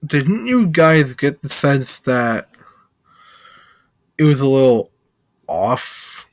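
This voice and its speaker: A man's voice: mid-range voice, sing-song, takes it slowly, dry recording. A man reviewing a film in a casual, rambling plot recap, heavy with filler words.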